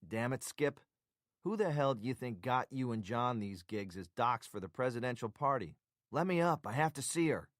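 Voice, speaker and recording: A man voicing a gruff, impatient agent. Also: on the low side, moderate pace, few pauses, no room sound, studio quality, lightly acted. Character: stubborn injured male agent, impatient.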